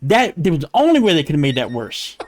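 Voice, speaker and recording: A man co-hosting a podcast, ranting in casual debate chat, animated and profane, laughing as he rambles. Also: on the high side, fast. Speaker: podcast co-host.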